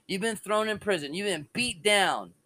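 A man's voice: high voice, expressive, moderate pace, bright, forceful tone. A man giving an informal, passionate sermon and personal testimony from home, mixing scripture talk with casual slang. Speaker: preacher.

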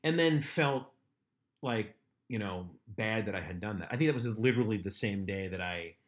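Low-voiced man, crude candid podcast chat. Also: animated, normal speed. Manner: crude joking, candid confessional. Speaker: podcast co-host. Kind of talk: casual chat.

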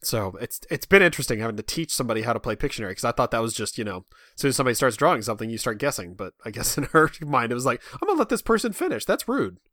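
A man co-hosts a casual podcast, chatting in a rambling way and laughing often. His medium-pitched voice is animated, racing, pushed and bright, captured in a clean studio with no echo.

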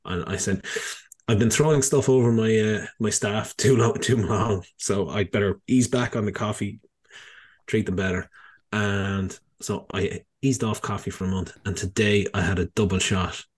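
Husky low Irish man, teasing. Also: steady tone, normal speed, darkish tone. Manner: teasing, laughs often. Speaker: podcast co-host. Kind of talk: casual chat.

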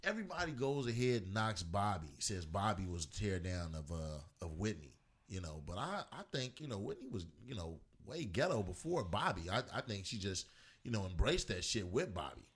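Low-voiced male co-host, rambling and halting. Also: sing-song, breathy edge. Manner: rambling with many fillers and restarts. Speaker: podcast co-host. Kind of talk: casual chat.

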